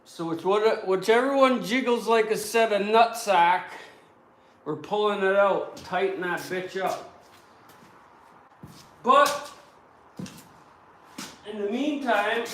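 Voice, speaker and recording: A vlogger works on a skid steer in his shop, grumbling, ranting, and joking crudely to himself in a casual workshop vlog. His high, fairly bright voice moves slowly with long pauses, and the recording is roomy, distant, and noisy.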